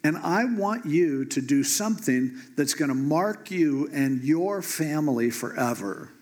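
A man voicing God as a calm, offhand speaker in a retold sermon story. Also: fairly high pitch, a little slow. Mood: matter-of-fact. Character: God, calm, matter-of-fact male deity.

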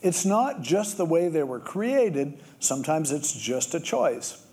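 A middle-aged male pastor preaching in a conversational, storytelling way. His voice is mellow and a little higher than most men's, and it swings widely in pitch as he slips into other people's voices. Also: sing-song, slow. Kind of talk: sermon.

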